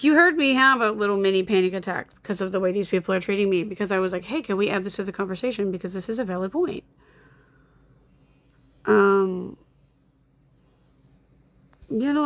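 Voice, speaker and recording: A young woman, openly irritated, rants and swears while muttering to herself. Her voice sits mid-pitch and keeps swinging between heated outbursts and low, grumbling asides. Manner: agitated, swearing, mutters while blocking users. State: upset and irritated. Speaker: content creator. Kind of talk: angry screen-recording rant. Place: home with dogs, construction noise outside.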